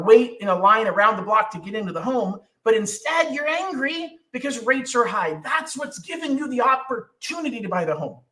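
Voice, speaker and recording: Middle-aged guy talking home loans, lively and high-pitched, sits back from the mic in an echoey room. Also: recorded from a distance. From California. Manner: animated, acts out other people's voices. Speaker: mortgage lender hosting a market update. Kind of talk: casual market commentary.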